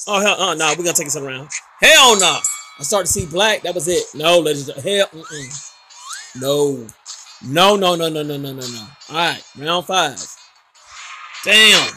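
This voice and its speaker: A man hosting a gaming channel, giving loud, excitable commentary and trash talk while playing, with announcer-style hype. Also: a little high, measured pace, slight background noise. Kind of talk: live gameplay commentary.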